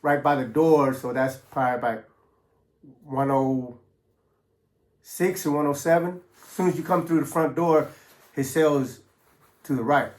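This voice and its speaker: A middle-aged man tells his story in a relaxed, unhurried way, leaning on street slang and easy fillers like "you know." His voice sits a little higher than usual for a man. The recording has a noticeable roomy echo around it. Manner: laid-back, streetwise slang, frequent fillers. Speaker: former prisoner telling his story. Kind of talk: casual storytelling.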